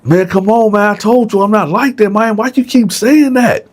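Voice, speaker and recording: A man voicing a terrified young inmate, pleading high. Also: moderate pace. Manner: pleading, frantic, repeats himself. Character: young male inmate being attacked, terrified.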